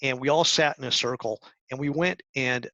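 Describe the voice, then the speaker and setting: A middle-aged man giving a talk to high school students, coaching earnestly with restarts and acted-out examples. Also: normal speed, sharp tone, no room sound. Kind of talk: presentation talk. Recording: dull lo-fi sound.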